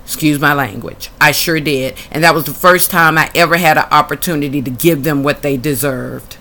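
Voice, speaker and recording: A woman's voice: sits low, normal speed, bright, forceful tone. A woman reading out documents from her own case and answering them bluntly and indignantly. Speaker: tenant telling her own housing case. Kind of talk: reading documents aloud and reacting.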